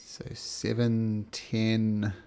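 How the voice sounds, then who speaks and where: A man's voice: lowish voice, completely flat delivery, drawn-out words, dark tone, smooth. A man running a tabletop game as game master, narrating combat with spoken sound effects.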